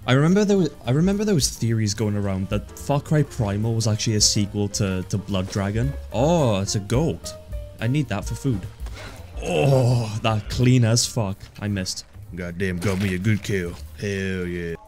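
A man casually commentating his own gameplay, joking around and swearing often in excited reactions. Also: on the low side, normal speed, soft background music. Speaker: gaming YouTuber. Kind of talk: casual let's play commentary.

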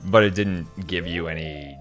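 Low-voiced male co-host, loose and giggly, with soft game music behind. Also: unhurried. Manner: chatty, laughs a lot, meandering anecdotes. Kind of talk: casual gaming chat.

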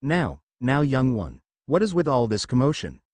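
A proud, wise old dragon speaks slowly and formally, as a man voices him. He sounds calm and dignified, lending a lively lilt to his storybook reading. The audio is dry and close. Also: medium pitch, dry recording.

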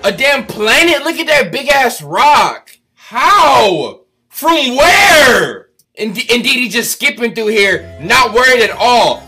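A man doing loud, profane, mocking comedy commentary over a cartoon, with light music behind him. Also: very high-pitched, sing-song, takes it slowly, breathy edge.

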